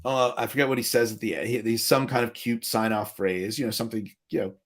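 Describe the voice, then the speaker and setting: A man hosting a podcast in casual conversation, talking in an animated way with many restarts. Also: lowish voice, fast. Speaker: podcast host. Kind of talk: casual chat.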